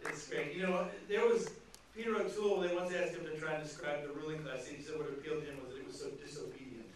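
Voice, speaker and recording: A man's voice: fairly high pitch, steady tone, fast, some chatter behind, slight background noise. A man moderating an onstage film discussion, speaking analytically with hesitant restarts. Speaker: moderator of a screening Q&A. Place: large theatre hall. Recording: echoey theatre from far off.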